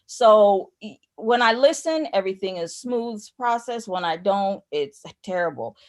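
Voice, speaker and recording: A woman's voice: medium pitch, animated, measured pace. A woman teaching spiritual ideas in conversation, rambling and repeating phrases as she loses her thread.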